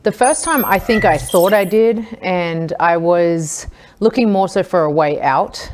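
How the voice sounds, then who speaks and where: A woman's voice: fairly low pitch, measured pace, darkish tone, slight background noise. A woman with an Australian accent, a podcast guest earnestly telling the story of her hardest times. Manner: earnest, reflective, recounting hard times. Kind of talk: candid personal storytelling.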